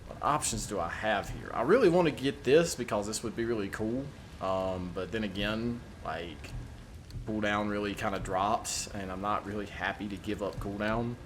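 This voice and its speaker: A man's voice: on the low side, normal speed, slight background noise. A man streaming a video game, thinking aloud in a casual, hesitant way with frequent swearing. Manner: mumbling to himself, swearing, hesitant. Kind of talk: casual gameplay commentary.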